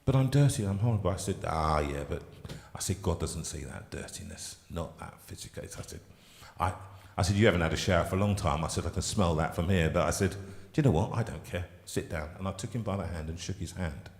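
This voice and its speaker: Male host, lowish voice, halting heartfelt storyteller, recorded with a long room echo. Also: a little mellow. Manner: halting, emotional storytelling with many restarts. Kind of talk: live chat show storytelling.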